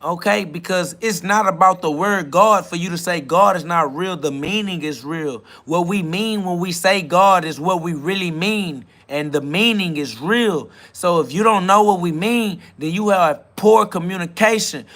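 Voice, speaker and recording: A man's voice: high-pitched, normal speed, hardly any pauses, fairly bright tone. A man hosting a live spiritual self-talk podcast, preaching in a rambling, slangy way and answering comments from his chat. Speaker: podcast host.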